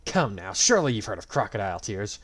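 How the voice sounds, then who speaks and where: A man voicing an angry young male swordsman hero in a fan audio story, with a cold, defiant, sharp-edged delivery. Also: on the low side, very animated, fast, crowd noise.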